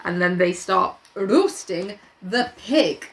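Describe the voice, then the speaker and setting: A woman of middle pitch reads a novel aloud for a podcast, breaking off into casual, jokey chat. Her speech is relaxed, with frequent laughs and the odd swear word. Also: slow pace. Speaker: podcast co-host and reader.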